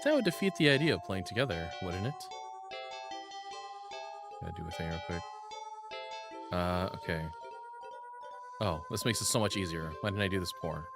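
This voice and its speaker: A man's voice: deep voice, lively intonation, normal speed, pauses often, over music. A man playing a text game, reading its narration aloud and breaking off into giggly, self-deprecating asides. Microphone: studio shotgun mic on a boom arm.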